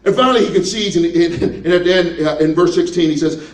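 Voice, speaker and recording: A man's voice: sits high, expressive, normal speed, hardly any pauses. A male pastor preaching a sermon in a humorous, conversational storytelling way, laughing as he goes. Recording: echoey room, mic at a distance.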